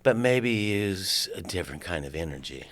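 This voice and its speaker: An older man from California, a podcast guest telling a story in a casual, animated way, acting out the lines of people in it and swearing now and then. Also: sits low, normal speed.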